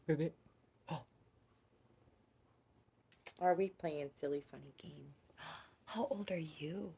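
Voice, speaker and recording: A woman voicing a playful, affectionate childlike frog in whispered role-play, with soft gasps and a singsong lilt. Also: low-pitched, very slow, creaky, pauses often, a little hiss or hum, full character voice. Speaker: children's storyteller.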